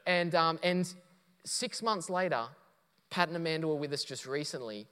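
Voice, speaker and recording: A man's voice: fairly high pitch, normal speed, bright, forceful tone, smooth. A man preaching a sermon, telling a story and quoting others before building to emphatic points. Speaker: pastor. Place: church auditorium. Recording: long reverb of a church hall.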